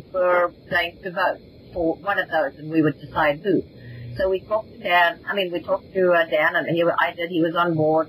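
A woman's voice: on the low side, fairly bright tone, slight background noise, low-quality recording. An older woman with a South African accent, a former reality show contestant telling stories as a guest in a casual interview. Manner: chatty, rambling, quick to laugh.

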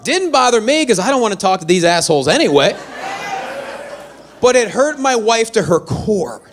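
Lively high-voiced man doing stand-up. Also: moderate pace, a little hiss or hum. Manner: animated, self-deprecating storytelling. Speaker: stand-up comedian. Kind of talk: stand-up comedy set. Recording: live venue with faint audience.

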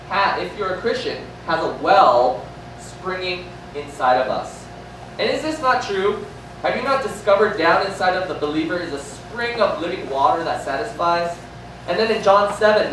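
High-pitched guy preaching, quizzing the crowd, sounds far off in a big echoey church. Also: a bit bright, slight background noise. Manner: preaching with questions to the congregation, repeating key lines. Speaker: pastor. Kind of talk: sermon. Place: large echoey church hall. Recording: echoey hall from far off with faint ambience.

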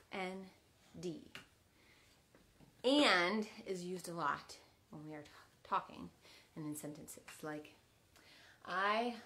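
A young woman teaching an online kindergarten class from home, in an animated, sing-song voice and a little out of breath. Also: mid-range voice.

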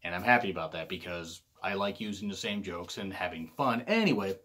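A man's voice: sits low, lively intonation, brisk, bright, forceful tone. Rambling, jokey man reviewing a show. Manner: rambling, jokey, self-correcting. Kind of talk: casual solo review vlog.

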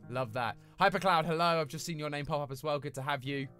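A man's voice: a little high, fast, bright, forceful tone, soft background music. A young British man chatting casually with his live chat as a streamer, rambling and friendly in a small home room. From Britain.

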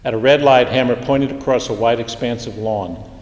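A man reading his literary fiction aloud in a measured, unhurried way, with small slips and restarts. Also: medium pitch, a little mellow, muffled recording. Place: lecture hall. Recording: echoey hall, roomy reverb.

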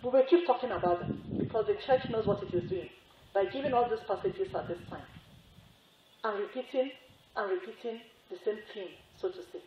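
A religious sister giving a sermon, telling a story with repetition and emphatic rising exclamations. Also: female voice, medium pitch, brisk, noisy background. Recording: echoey, phone-like narrow sound.

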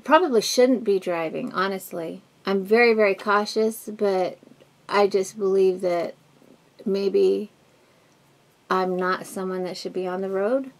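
Gravelly-voiced woman chatting while getting ready. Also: mid-range voice, steady tone, a little slow. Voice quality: husky, smoky voice. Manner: rambling and candid, many fillers and restarts; talks while doing her makeup. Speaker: beauty vlogger. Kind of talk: casual get-ready-with-me chat.

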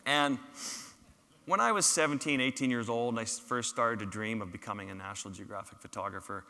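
A man with a bright, forceful voice tells his field stories to a lecture hall audience. His words ring out on a stage microphone with a long reverb trailing after them. His humor is self-deprecating. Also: mid-range voice, a little fast. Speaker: photographer giving a public talk. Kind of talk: storytelling lecture with slides.

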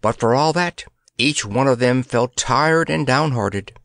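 A man reading a children's storybook aloud in an expressive, measured manner. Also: medium pitch, no room sound, studio quality. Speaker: audiobook narrator. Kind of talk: scripted audiobook narration.

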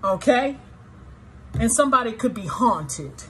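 A fairly high-voiced woman giving a tarot reading straight to her viewers. She is blunt and profane, and her tone stays emotionally charged throughout, moving between sorrow and indignation. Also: big pitch swings, a little slow, background noise. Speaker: tarot reader.

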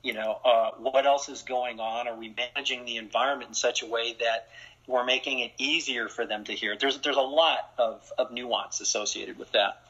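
A man who works as a strength and conditioning coach, a guest in an interview, explaining his views in a measured way. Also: medium pitch, steady tone, fairly bright tone, slightly rough. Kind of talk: interview conversation. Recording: dull lo-fi sound.

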